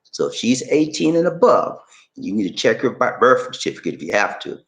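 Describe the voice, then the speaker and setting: Lively-voiced man talking to camera. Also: mid-range voice, brisk. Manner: chatty, repetitive, quizzing the viewer. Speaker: channel host. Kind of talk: casual vlog talk.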